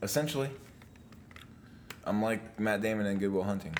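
A man's voice: lowish voice, moderate pace, slight background noise. A young man in goofy, playful, profane banter as a podcast co-host. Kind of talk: casual chat.

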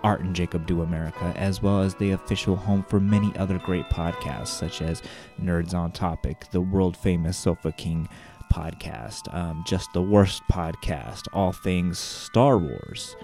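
A man's voice: low voice, measured pace, music in the background. A man, hosting a podcast in casual, upbeat chat and swearing freely. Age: 30s. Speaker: podcast co-host.

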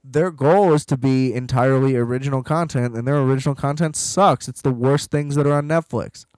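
A man hosting a podcast in casual chat, rambling and animated, swearing freely. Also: mid-range voice, fairly quick, no room sound, poor audio. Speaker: podcast host.

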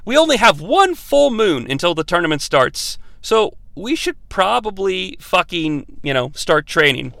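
A man's voice: high-pitched, sing-song, unhurried, gravelly, hardly any pauses, bright, forceful tone, no room sound, heavily acted. A man doing a laid-back monk with an odd accent. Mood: casual. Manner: offhand, odd put-on accent. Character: calm young male martial arts monk, casual.

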